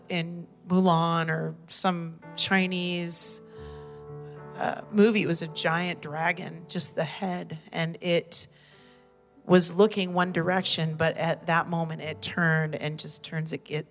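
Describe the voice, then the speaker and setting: A woman's voice: lowish voice, flat delivery, slow pace, faint music behind. A woman, the pastor's wife, hesitantly recounting a story to a congregation, searching for words.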